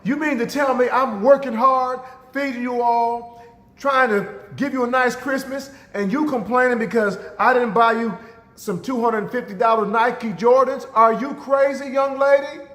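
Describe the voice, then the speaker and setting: Give me a man playing an exasperated hardworking mother, scolding in a high shrill voice, in an echoey hall. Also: big pitch swings, slow pace, hardly any pauses, pushed and bright, heavily acted.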